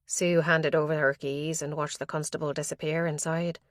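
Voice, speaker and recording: A woman narrating a crime audiobook in a measured, even reading voice on a close microphone. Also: sits low, dry recording. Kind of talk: scripted narration.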